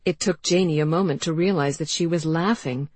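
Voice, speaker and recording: Woman reading an audiobook, low husky voice, dry close sound. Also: brisk, darkish tone, no room sound. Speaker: audiobook narrator. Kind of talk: scripted narration.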